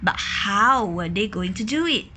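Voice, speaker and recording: A woman reading a children's picture book aloud, pausing to ask questions, explain words and imitate quacking ducks. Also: mid-range voice, animated, pushed and bright, a little hiss or hum. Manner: imitates quacking and gasps for effect. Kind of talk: children's story read-aloud.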